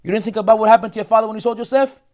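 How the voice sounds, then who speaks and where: A man's voice: high voice, very fast, darkish tone, voice pushed up, natural voice. A man voicing a stern ruler who accuses his brothers, in a retold story. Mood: accusing.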